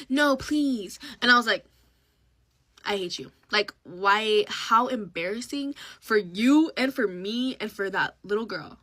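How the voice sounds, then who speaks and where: A young woman tells a wild storytime close to her phone in a dry, close sound. Her voice is bright and sits a little high. She acts out every quote with sudden jumps in pitch and sinks to a whisper at the shocking moments. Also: no room sound. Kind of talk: casual storytime monologue.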